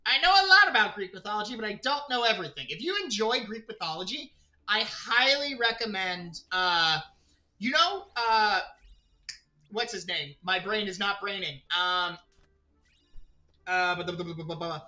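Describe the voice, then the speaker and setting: A man's voice: high voice, lively intonation, normal speed, bright, forceful tone, highs cut off. A man streaming a video game, chatting casually with his viewers and rambling as he plays. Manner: rambling, chatty, talks to chat and to himself. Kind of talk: casual gaming livestream chat.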